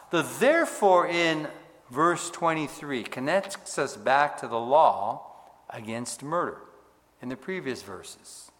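Slow preaching man, hall reverb. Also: mid-range voice. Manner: preacherly, emphatic with dramatic drops to quiet. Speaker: pastor. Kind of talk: sermon.

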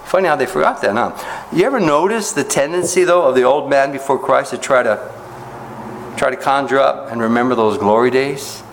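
A man pastor preaching an expository sermon, talking conversationally with the congregation, often asking rhetorical questions and rising in pitch to stress a point. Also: brisk, slight background noise, rough recording. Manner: animated rises in pitch when making a point.

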